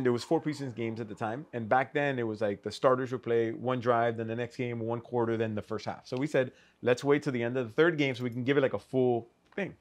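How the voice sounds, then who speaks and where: Fast-talking man telling a story. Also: medium pitch. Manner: animated, swears, acts out quoted dialogue. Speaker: podcast guest, custom shoe artist. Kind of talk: casual storytelling.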